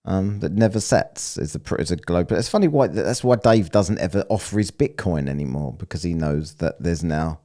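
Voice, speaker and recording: A man's voice: low voice, animated, moderate pace, hardly any pauses, warm tone. A man giving sarcastic, profane commentary on a clip he is reacting to. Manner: mocking, profane, sneering.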